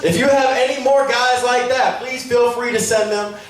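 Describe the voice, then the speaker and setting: A man's voice: extremely high pitch, steady tone, moderate pace, pitched above the performer's own voice. A man voicing a smug, man-eating talking dragon, reading out its mock-polite letter in an echoey room. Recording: echoey room, mic far off.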